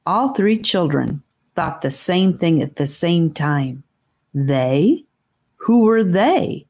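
A woman reading a fantasy audiobook aloud in a calm, measured storytelling manner. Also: sits low. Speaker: audiobook narrator. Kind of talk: audiobook narration.

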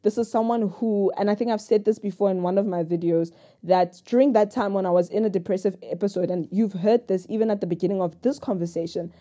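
Rambling young woman, mellow candid vlogger. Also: mid-range voice, fast talker. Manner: rambling, jumps between thoughts; frank and personal, self-mocking humor. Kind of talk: candid confessional vlog talk.

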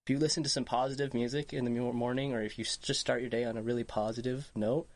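A woman hosting a casual podcast chat, relaxed and reflective, letting her sentences trail off loosely. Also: very deep voice, quick pace, no room sound. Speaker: podcast host.

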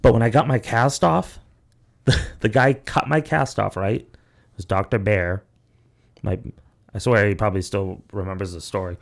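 A young man with a somewhat low voice hosts a casual podcast. He tells long, rambling stories full of "like" and "you know". He swears freely as he goes. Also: moderate pace, vocal fry, pauses often. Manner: rambling, profane storytelling full of "like". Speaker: podcast host. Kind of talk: casual chat.

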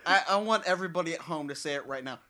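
Brief: young male co-host, bright edgy voice, playful banter. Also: fairly high pitch, very fast. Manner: playful, quotes film lines. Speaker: podcast co-host. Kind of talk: casual chat.

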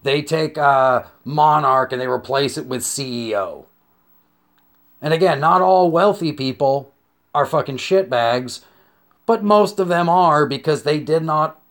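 Profane, rambling young man. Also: on the high side. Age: young adult. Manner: profane, rambling, with stammered restarts and acted-out scenes. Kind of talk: comedic rant monologue.

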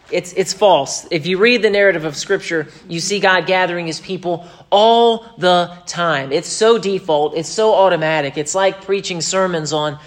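A pastor preaches with emphasis, punching key phrases and dropping into quick asides. He slips into mocking voices when he quotes others. His voice sits a little high for a man. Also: a bit bright. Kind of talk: sermon.

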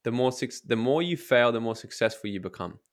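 A man's voice: medium pitch, a little fast. A man who works as a motivational speaker and coach, talking in a casual interview with energy and blunt, profane language, acting out inner voices. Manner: energetic, blunt, swears freely; acts out inner voices in quotes.

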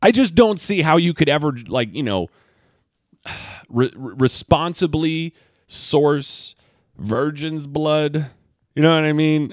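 A man's voice: a little high, expressive, measured pace, no room sound, studio quality. A man hosting his own podcast, talking alone in sarcastic, rambling rants with some swearing. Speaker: podcast host. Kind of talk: casual solo commentary.

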